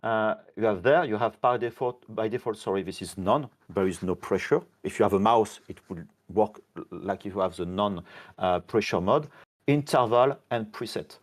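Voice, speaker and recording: A man who is not a native English speaker, demonstrating software on a live stream, halting, with many fillers and self-corrections. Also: fairly low pitch. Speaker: software team member demonstrating features.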